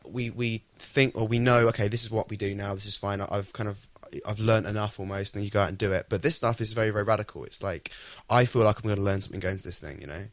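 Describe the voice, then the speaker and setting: Fast-talking London man. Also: fairly low pitch, no room sound. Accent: London English. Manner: chatty and excitable. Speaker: podcast co-host. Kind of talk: casual podcast chat.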